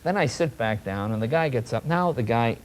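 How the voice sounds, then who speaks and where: A man who is a talk show guest and comedian, telling a comic story in an animated way and jumping into voices for the people in it, in a noisy old TV broadcast recording. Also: medium pitch, a little fast. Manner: animated, jumps into voices for the people in his stories.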